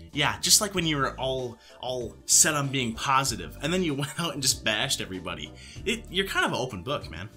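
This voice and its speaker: A man delivers sarcastic commentary with a bright, forceful tone, his voice swinging widely as he mocks. His delivery is animated and teasing throughout. Faint music plays softly underneath. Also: mid-range voice, brisk. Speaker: YouTube commentator.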